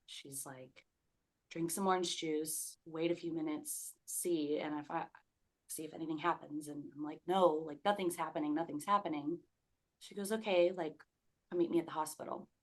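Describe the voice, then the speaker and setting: A young woman with a low voice, fairly even intonation and a moderate pace is a guest on a podcast. She tells her own story loosely and conversationally, full of "like" fillers, acting out what the people in it said.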